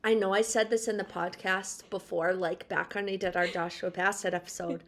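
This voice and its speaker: A woman's voice: lowish voice, level tone, normal speed, slight background noise. A young woman in her twenties, co-hosting a casual pop-culture podcast and telling stories in a bubbly, gushing way. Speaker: podcast co-host.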